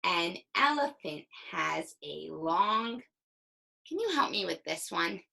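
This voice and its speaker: Young female teacher for a kids' reading video: slow, bouncy delivery, a bit gravelly. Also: on the low side, poor audio. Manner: slow, animated, sounds out words. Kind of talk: recorded reading lesson for young children.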